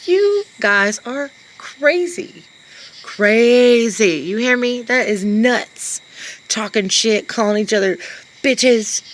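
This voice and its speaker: A woman's voice: mid-range voice, fairly bright tone, poor audio. A woman ranting to the camera, sarcastic and exasperated, laughing often between lines. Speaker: vlogger.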